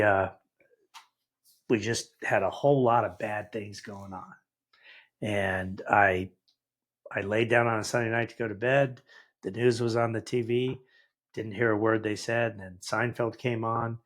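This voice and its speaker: A man in his sixties, a guest entrepreneur, tells life stories in a lively conversational way and acts out the dialogue. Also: fairly low pitch. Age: 60s. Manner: animated anecdotal, acts out quoted dialogue. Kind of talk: conversational storytelling.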